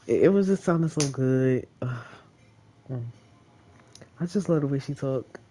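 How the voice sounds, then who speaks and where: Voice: mid-range voice, measured pace, long pauses, warm tone. A vlogger talking in a casual, rambling monologue straight to the camera, swearing freely and laughing often.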